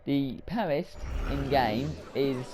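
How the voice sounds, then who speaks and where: A man's voice: mid-range voice, takes it slowly. A man giving casual, rambling commentary while playing a video game, hesitating often with filler words. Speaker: let's play commentator. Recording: game audio noise behind voice.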